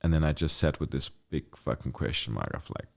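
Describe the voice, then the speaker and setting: A middle-aged man with a very low, deep voice talks as a podcast guest. He tells his story casually and candidly, dropping "like" constantly and swearing freely. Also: expressive, brisk, creaky. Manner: loose and candid, with lots of "like" and frequent swearing.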